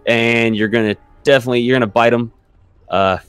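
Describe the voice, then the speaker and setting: A man running a tabletop game as dungeon master, at a mid pitch for a man. He narrates in a relaxed, easygoing way, laughing often. Faint music sits behind him. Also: a little fast, clear, resonant tone, no room sound.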